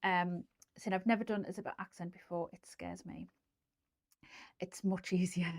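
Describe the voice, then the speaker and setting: A chatty woman with a Geordie accent hosts a relaxed sewing live stream, rambling through viewer comments with plenty of ums and restarts. Her voice sits a little low, and she often drops to a soft near-whisper. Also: normal speed, vocal fry. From North East England.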